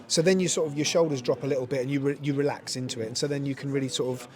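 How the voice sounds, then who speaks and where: A man's voice: mid-range voice, fairly even intonation, racing, crowd noise. A man in his fifties, a lead actor chatting casually in an interview, rambling and full of "you know" and laughter. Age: 50s. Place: busy event venue at a screening.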